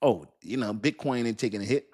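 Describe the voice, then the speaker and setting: A middle-aged man chatting casually on a livestream, animated, laughing often and cursing as he mocks a commenter. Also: mid-range voice, a little fast. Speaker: crypto livestream host.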